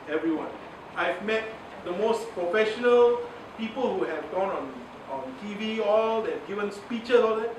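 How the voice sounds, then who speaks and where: A man with a Malaysian English accent giving a chatty workshop lecture, laughing often and mixing in Malay words. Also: high voice. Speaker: media communication trainer. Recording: echoey, from far off, noisy.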